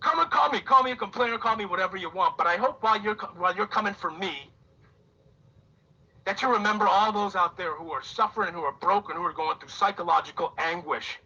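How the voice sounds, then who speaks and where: A Bahamian man in his forties rants on a talk radio show in a high, bright, husky voice that hammers each point with repetition and sarcasm. The sound is dull and lo-fi, like a radio broadcast. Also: a little fast. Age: 40s. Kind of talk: impassioned on-air rant.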